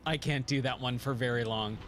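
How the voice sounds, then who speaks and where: A man's voice: mid-range voice, steady tone, a little fast, a bit bright. A man streaming a video game, chatting casually with his viewers in a laid-back way and laughing often. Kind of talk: casual live-stream chat.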